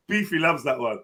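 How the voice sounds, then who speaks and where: A man's voice: on the high side, a bit bright. A man hosting a live stream panel in casual chat, laid-back, laughing easily and using street slang. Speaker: stream host.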